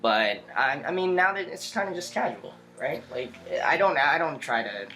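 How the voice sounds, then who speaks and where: List: young man, podcast co-host, bright forceful tone, animated, frequent laughs. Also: a little high, normal speed, slight background noise. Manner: animated, laughs often, many fillers. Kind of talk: casual storytelling chat.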